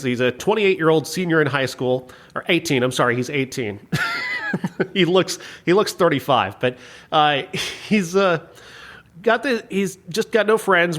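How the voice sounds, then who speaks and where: A man's voice: a little high, fairly bright tone. A man hosting a movie review podcast, recapping a plot in casual, sarcastic chat with frequent laughter. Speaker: podcast host.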